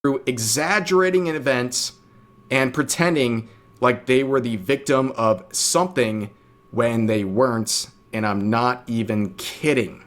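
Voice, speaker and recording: A man's voice: mid-range voice, measured pace, a bit bright. Matter-of-fact man reading tweets. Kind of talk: video commentary reading tweets.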